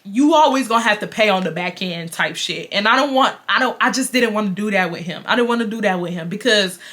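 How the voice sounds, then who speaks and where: Young woman, bright voice, blunt and profane, casual storytime to camera. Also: mid-range voice, lively intonation, quick pace. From Houston, Texas. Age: 20s. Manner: blunt, profane, addresses viewers as y'all. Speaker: storytime vlogger.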